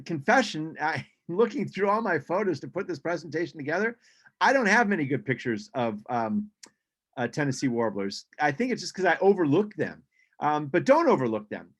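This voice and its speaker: A man presents a slideshow on birds over a video call, in an easy, conversational way. His voice sits a touch high, and he often pauses with ums and starts sentences over. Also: sing-song. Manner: chatty, frequent ums and restarts. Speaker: birding presenter.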